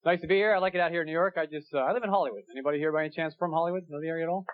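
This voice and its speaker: A young man doing a stand-up comedy set on a club stage, animated, acting out stories. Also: a little high, rapid-fire. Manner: animated, acts out a fight story with rising shouts. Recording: dull lo-fi VHS tape with loud hiss. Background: audience laughter and crowd noise.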